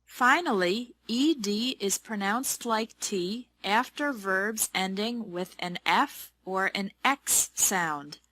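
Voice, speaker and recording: Her voice middle-pitched, expressive, and sharp in tone, a woman teaches English pronunciation at a slow, careful pace. Each model word comes out clear and deliberate.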